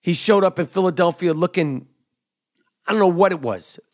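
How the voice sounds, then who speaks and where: A middle-aged man hosting a podcast, giving an animated, emphatic sports commentary monologue into a studio mic. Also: high voice, normal speed. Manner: animated, emphatic, drops to mock whisper. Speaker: podcast host.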